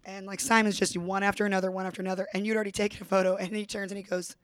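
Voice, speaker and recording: A woman's voice: mid-range voice, level tone, rapid-fire, few pauses, no room sound. A woman hosting a casual chat, telling stories in a bubbly, gushing way. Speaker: show host.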